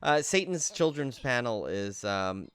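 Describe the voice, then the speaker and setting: A man's voice: mid-range voice, lively intonation, measured pace, fairly bright tone, clean tone. A man co-hosting a horror podcast in casual chat, rambling with many fillers. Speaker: podcast co-host.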